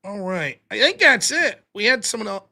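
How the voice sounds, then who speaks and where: A chatty male host with a Pittsburgh accent, his voice high and bright. He talks loosely and swears often as he takes calls. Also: very animated, moderate pace, vocal fry. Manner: chatty, swears freely, playful. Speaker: call-in show host. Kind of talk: casual chat.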